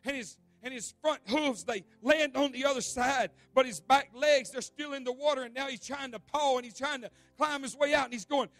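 A male pastor preaching an evening sermon in a church, telling a vivid story with repeated words and swinging from loud to hushed. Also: extremely high pitch, normal speed, few pauses, no room sound, soft background music. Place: church sanctuary.

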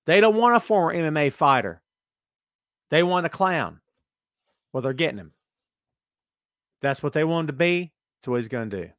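A man's voice: fairly high pitch, no echo, clean studio sound. A man hosting a casual podcast, reading listener comments and answering them with sarcastic asides. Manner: sarcastic, animated, jumps from loud asides to muttering. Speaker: podcast host.

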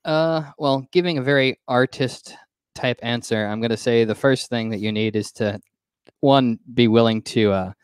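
A man co-hosting a podcast in casual chat with quick, playful banter. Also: mid-range voice, clean tone, no room sound, studio quality. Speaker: podcast co-host.

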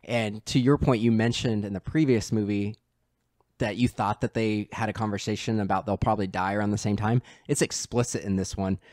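A man co-hosting a podcast in casual chat, animated and energetic as he retells scenes. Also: fairly low pitch, brisk, no echo, studio quality. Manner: animated retelling, acting out quoted lines. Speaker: podcast co-host.

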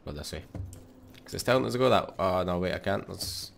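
A young Scottish man giving sweary, excitable let's play commentary into a desk mic. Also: sits low, fairly quick, creaky. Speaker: gaming YouTuber.

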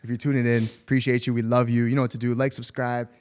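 Young male Toronto host, relaxed and slangy, everyday mid-pitch voice. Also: quick pace. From Toronto, Canada. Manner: laid-back, laughing, slangy. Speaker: podcast host. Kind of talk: casual chat.

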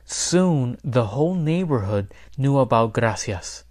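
A man, a teacher, reading a children's picture book aloud in clear, steady storytelling. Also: medium pitch, measured pace. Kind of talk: children's read-aloud narration.

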